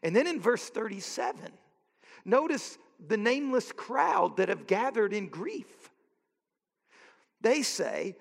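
Man preaching slow and earnest in a big echoey church, raspy-edged voice. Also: sits high, big pitch swings. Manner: earnest, building to impassioned questions, slow deliberate emphasis. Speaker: pastor. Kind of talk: sermon.

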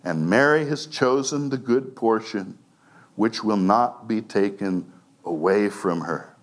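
A man preaching a sermon as pastor, animated, laughing often and acting out quoted lines. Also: fairly low pitch, slow pace.

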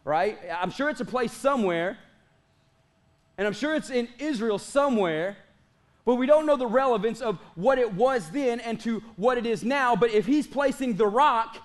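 A man in his late thirties preaching a sermon as pastor, energetic, stretching out key phrases for emphasis and joking with the congregation. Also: extremely high pitch. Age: late 30s. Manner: energetic preaching, slows for drawn-out emphatic lines, jokes with the congregation.

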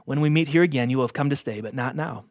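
A man voicing a solemn male lion, speaking slowly and quietly in a grave, commanding way while reading a story aloud. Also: medium pitch, no echo, clean studio sound, lightly acted. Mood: solemn gentle.

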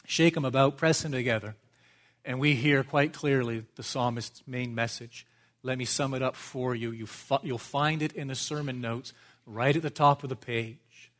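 A man's voice: mid-range voice, fairly bright tone. A man preaching an expository sermon as pastor, structured and emphatic, repeating phrases for stress. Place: church.

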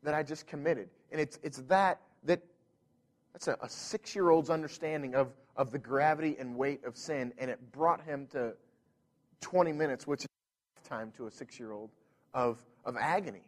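A man's voice: medium pitch, normal speed. A man in his thirties, a pastor telling a family story in a sermon, earnest and full of restarts.

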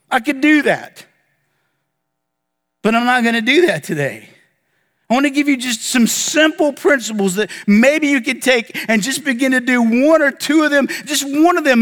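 High-voiced preaching pastor in a reverberant church. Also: male voice, a bit bright. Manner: earnest preaching with dramatic pauses and lists. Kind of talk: sermon.

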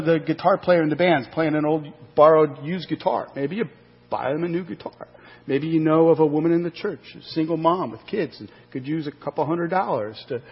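A male pastor preaching a sermon, animated, with rhetorical questions and acted-out asides. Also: on the high side, husky. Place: church sanctuary. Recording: muffled church hall recording with long reverb.

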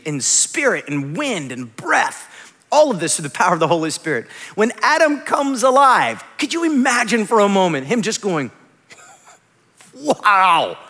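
A man in his thirties preaching a sermon as a pastor, telling stories in a lively, conversational way with quick asides. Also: high voice. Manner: animated, conversational storytelling with rapid asides. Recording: long hall reverb.

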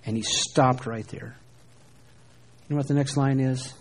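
A middle-aged American man preaching a sermon, dropping to hushed lines and rising for emphasis. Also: mid-range voice, sing-song, a little slow, long pauses. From United States. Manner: preaching, shifting between soft hushed lines and emphatic rises. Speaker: pastor.

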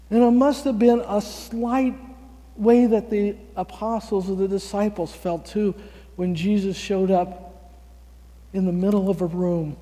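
A man preaching a sermon, telling a story with lively acted-out dialogue and small chuckles. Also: sits high, unhurried, big-room sound.

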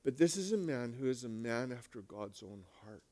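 A male pastor preaching a sermon, retelling stories with lively swings between hushed and loud delivery. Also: mid-range voice, normal speed.

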